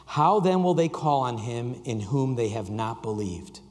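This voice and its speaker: A man preaching a sermon to a congregation, reading scripture and joking with the room, shifting from loud emphasis to quiet intensity. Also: medium pitch, lively intonation, measured pace. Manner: reads scripture aloud and jokes with the congregation. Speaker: pastor. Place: church sanctuary. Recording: long reverb of a large hall.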